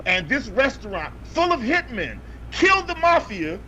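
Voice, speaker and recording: High-voiced man ranting about a bad movie. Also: big pitch swings, normal speed, bright, forceful tone. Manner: exasperated, profane, repeats punchlines for emphasis. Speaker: podcast co-host reviewing movies. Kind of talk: comedic ranting movie review. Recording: dull lo-fi audio with faint noise.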